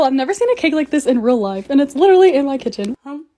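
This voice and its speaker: A young woman vlogger narrating her home organizing projects in a chatty, excitable voice-over with quick asides. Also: high voice, slight background noise. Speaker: lifestyle vlogger.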